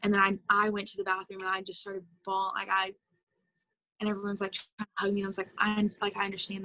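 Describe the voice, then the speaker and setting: A woman's voice: mid-range voice, fast, gravelly, pushed and bright, rough recording. A young woman in her twenties, an interview guest, chatting casually and emotionally about her college years with lots of filler words. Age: 20s. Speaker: interview guest, former college softball player.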